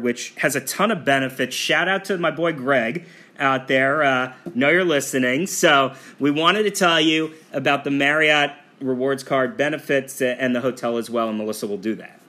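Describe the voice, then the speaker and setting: Bright-voiced man, chatty podcast co-host. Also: mid-range voice, moderate pace. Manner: relaxed, chatty storyteller with frequent fillers. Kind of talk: casual travel podcast chat.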